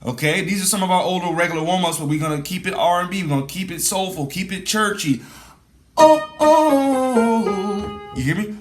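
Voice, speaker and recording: A man leading a vocal warm-up lesson, coaxing and energetic, singing examples between spoken pointers over guitar accompaniment. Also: sits high, fast, hardly any pauses, reverberant. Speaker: vocal coach.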